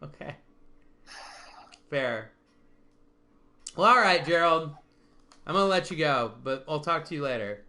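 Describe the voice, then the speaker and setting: A man with a bright, fairly high voice hosts a casual online chat. He rambles, restarts his sentences and laughs often. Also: expressive, a little slow, pauses often. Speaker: stream host.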